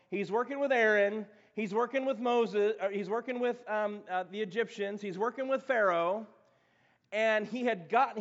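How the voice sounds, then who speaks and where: High-voiced pastor in an echoing hall. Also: male voice. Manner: conversational, animated preaching with restarts. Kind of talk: sermon. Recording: dull lo-fi sound in reverberant hall.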